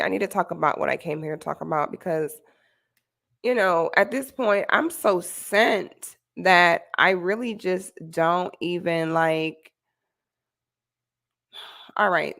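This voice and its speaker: A woman's voice: fairly low pitch, takes it slowly, creaky, pauses often, fairly bright tone. A woman hosting a reaction commentary, exclaiming dramatically and rambling with restarts in casual slang, speaking to her viewers. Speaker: host.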